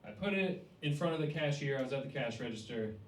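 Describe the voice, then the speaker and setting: A man's voice: mid-range voice, lively intonation, fast, a little hiss or hum. A man from Cleveland, Ohio, doing a chatty stand-up comedy set in a small cafe. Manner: chatty, rhetorical, with many "like" and "right?". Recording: echoey cafe room, distant mic.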